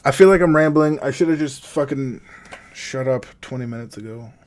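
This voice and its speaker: A man streaming a raw, confessional monologue, halting and rambling with heavy swearing, emotionally distressed. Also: medium pitch, a little mellow.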